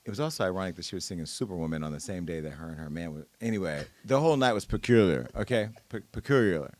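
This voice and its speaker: A man's voice: deep voice, animated, racing. A man hosting a podcast in casual, playful chat, laughing and cursing as he talks. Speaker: podcast host.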